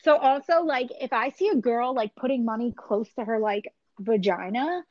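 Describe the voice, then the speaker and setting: A woman's voice: fairly high pitch, normal speed, a little mellow, lo-fi sound. A woman telling blunt stories in a casual chat over a call, with lots of "like" and "you know what I mean". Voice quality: blunt, chatty storyteller with frequent "like". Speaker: guest.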